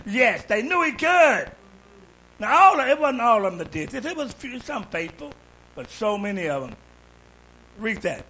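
A man preaching a sermon in a church, calling out to the congregation and building up to shouts. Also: high-pitched, very animated, unhurried, pauses often, husky, rough recording. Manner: call-and-response preaching, rising to shouts.

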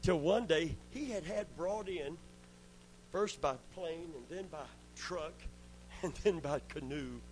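A man's voice: fairly high pitch, slow pace, a little hiss or hum, low-quality recording. Fervent older preacher man. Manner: storytelling, call-and-response asking amen, rising to fervent preaching. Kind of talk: sermon.

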